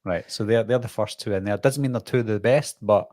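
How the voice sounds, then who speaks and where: A man's voice: lowish voice, a little fast, a little mellow, no room sound, studio quality. A Welsh man co-hosting a casual podcast chat, easygoing and reading out viewer comments. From Wales. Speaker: co-host.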